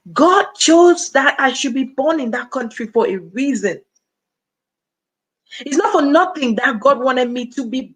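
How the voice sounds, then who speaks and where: A slightly high-voiced woman with a Cameroonian accent hosts a casual livestream. She chats easily and speaks straight to her viewers, reading out their comments as she goes. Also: low-quality recording. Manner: chatty, addresses viewers directly and reads out comments. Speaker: livestream host.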